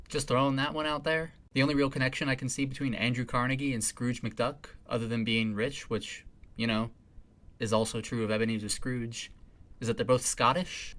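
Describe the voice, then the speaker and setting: A man's voice: mid-range voice, a bit bright. A man giving sarcastic commentary, rambling into dry asides and mock-casual answers. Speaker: video essay critic.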